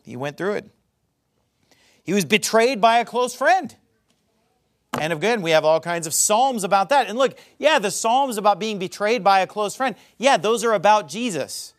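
Male preacher, high-pitched voice, animated, emphatic, reads scripture aloud. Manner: animated, rises loud for emphasis, slows on key phrases; reads scripture aloud in King James wording. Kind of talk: sermon.

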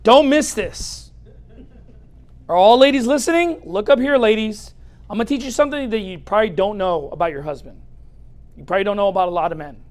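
A man preaching a humorous sermon as a pastor in a church, speaking straight to the audience in a lively, joking way. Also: sits high, quick pace.

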